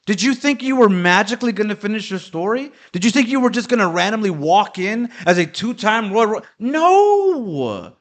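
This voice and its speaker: Brash ranting man, lively pitch. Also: moderate pace, few pauses. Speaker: podcast co-host. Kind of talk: casual wrestling chat.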